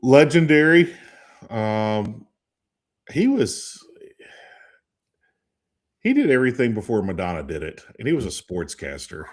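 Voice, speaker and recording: A man's voice: medium pitch, very animated, measured pace, pauses often. A tired man in his fifties co-hosting a sports talk show, chatting in a rambling way and losing names mid-thought. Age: 50s. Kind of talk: casual chat.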